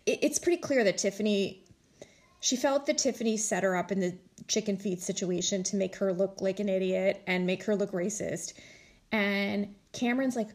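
A woman casually recapping a reality show, chatty and animated, acting out what people said in exaggerated voices. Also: mid-range voice, moderate pace. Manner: animated storytelling, acts out quotes in exaggerated voices; chatty, heavy use of "like" and "you know". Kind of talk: casual chat.

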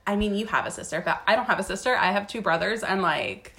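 A young woman co-hosting a podcast in blunt, animated casual chat, swearing now and then. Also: medium pitch, fast talker, creaky, reverberant. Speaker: podcast co-host.

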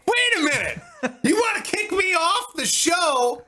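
A man's voice: very high voice, very animated, measured pace, background noise. A man in his thirties hosting a casual podcast, joking and teasing his co-hosts in banter. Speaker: podcast host.

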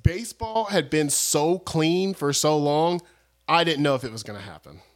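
A man's voice: a little high, animated, normal speed. Joking, rambling young man on a podcast. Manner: rambling, joking, restarts stories. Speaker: podcast co-host. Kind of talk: casual chat.

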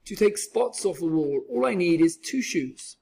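A man with a husky voice voicing a mischievous, playful male cat in a storybook read-aloud. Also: high voice, lively intonation, moderate pace, darkish tone, heavily acted. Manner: playful, laughing, sly. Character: mischievous grinning male cat, tall hat.

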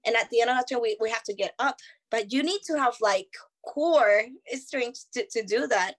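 A woman in her twenties from Venezuela, a guest telling animated stories in casual chat. She acts out her own past lines and keeps calling the listener "girl". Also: on the high side, normal speed. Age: 20s. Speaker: guest, circus performer.

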